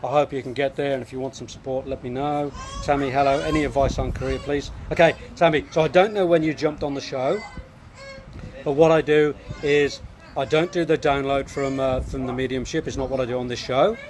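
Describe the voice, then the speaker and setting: A man's voice: medium pitch, fairly even intonation, a little fast, darkish tone. A man, hosting a live show and coaching viewers with earnest, reflective answers. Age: 50s. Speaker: host.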